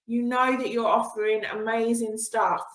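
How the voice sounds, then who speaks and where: A woman's voice: fairly high pitch, fairly even intonation, normal speed. Upbeat woman coaching in an echoey room. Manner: upbeat and encouraging, laughs often. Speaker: business coach. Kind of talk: online training session. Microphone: video call with screen sharing.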